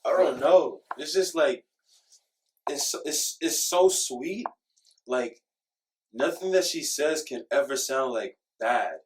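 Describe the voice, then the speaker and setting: A man's voice: medium pitch, expressive, takes it slowly, recorded from a distance. A young man chatting casually as a podcast co-host, teasing his friend and laughing often. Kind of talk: casual chat.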